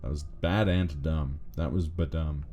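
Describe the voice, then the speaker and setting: A man's voice: rumbling low, steady tone, a little slow, warm tone. A man streaming a story game, joking and mocking himself as he reads the characters aloud. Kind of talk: casual game commentary.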